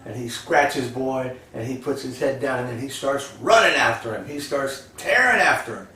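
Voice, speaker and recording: Folksy male joke-teller, lively ups and downs, far from mic in a very echoey room. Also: medium pitch, normal speed. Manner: rambling, folksy, lots of "you know". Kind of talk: casual storytelling of jokes. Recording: echoey, distant, faint crowd and noise.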